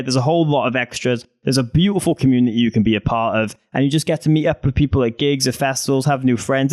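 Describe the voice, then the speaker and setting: A man co-hosting a podcast, earnestly plugging the show and asking for listener support. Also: fairly high pitch. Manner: earnest, friendly promotional tone. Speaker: podcast co-host. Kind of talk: casual podcast plug and chat.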